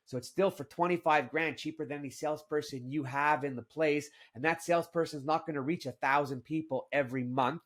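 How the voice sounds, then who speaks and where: A man hosting a podcast interview, talking in an animated, opinionated way and often tossing in "right?". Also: a little high. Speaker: podcast host.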